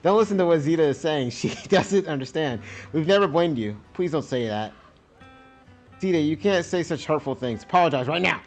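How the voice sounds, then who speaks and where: A man's voice: fairly high pitch, lively intonation, brisk, faint music behind. A man reading as a grieving widow, Sally. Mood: subdued. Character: soft-spoken grieving widow and mother.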